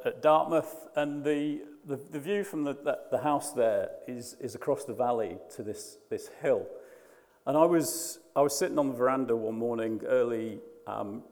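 A man's voice: medium pitch, darkish tone, long reverb tail. A man preaching a sermon, conversational and hesitant, often restarting his sentences. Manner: hesitant, frequent restarts and fillers.

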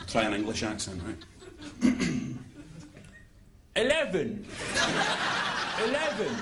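A Scottish man playing an exasperated lift passenger in a comedy sketch, repeating himself louder and louder. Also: fairly high pitch, huge pitch swings, takes it slowly, roomy sound, very noisy, exaggerated voice. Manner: exasperated, shouting the same word.

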